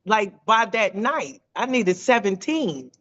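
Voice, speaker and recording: Animated woman on a muffled video call. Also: takes it slowly. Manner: animated, with quoted voices and pitch jumps. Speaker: team member sharing a testimony. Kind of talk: lively testimony on a video call.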